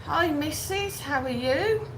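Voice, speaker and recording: Slow-talking high-voiced woman host. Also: expressive. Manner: chatty, greets viewers by name. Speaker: livestream host. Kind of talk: casual live-stream chat, reading comments. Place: outdoors or home in Benidorm. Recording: faint background noise.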